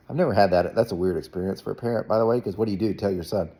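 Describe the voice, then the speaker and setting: A man's voice: quick pace, hardly any pauses, breathy edge. A man casually telling a rambling story as a parent, with frequent restarts and fillers. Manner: rambling, animated, jumps to a high voice when quoting himself. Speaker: parent vlogger.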